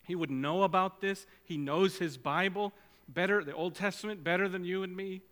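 Bright-voiced preacher in a reverberant hall. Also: male voice, sits high, normal speed. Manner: earnest, repetitive exhortation. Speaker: pastor. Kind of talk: sermon.

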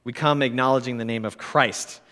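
A man preaching a sermon and reading a long quote aloud, in a measured, earnest way. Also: mid-range voice, fairly even intonation, bright, forceful tone. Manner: measured, earnest, slow delivery. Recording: long hall reverb.

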